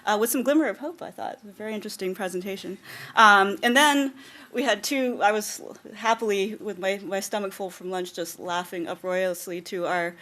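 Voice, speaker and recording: A woman's voice: medium pitch, fairly quick, sharp tone. A middle-aged woman speaking at an academic conference, summing up the day in articulate prepared remarks with frequent ums. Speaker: conference organizer and closing speaker. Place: lecture hall.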